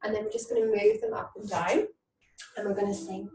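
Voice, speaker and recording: A woman leading a mum and baby yoga class, gentle and encouraging, recorded in a room away from the mic. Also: medium pitch, very animated, brisk, vocal fry. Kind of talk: online yoga class instruction with nursery songs. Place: indoor room, moving around on camera. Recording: echoey room, mic at a distance.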